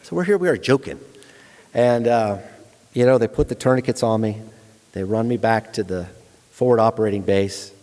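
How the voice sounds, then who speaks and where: A middle-aged man with a lowish voice tells his own war story to a lecture audience. He speaks frankly and conversationally, with blunt soldier humor. His words ring out with the long reverb of a big hall. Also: normal speed, darkish tone. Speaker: guest lecturer, retired Army staff sergeant.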